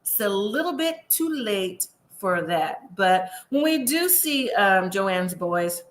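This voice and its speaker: A woman's voice: medium pitch, very animated, slow, slight background noise. A woman from the US West Coast gives a chatty, sassy recap of a reality show and talks straight to her viewers. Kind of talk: casual recap commentary. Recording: echoey room.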